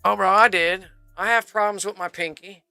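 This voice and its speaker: Man, live streamer, rambling and profane, bright edgy tone, dry close sound, faint music behind. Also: high-pitched, steady tone, normal speed, creaky, smooth, no echo. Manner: rambling, profane, says "bro" constantly. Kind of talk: casual storytelling on a live stream.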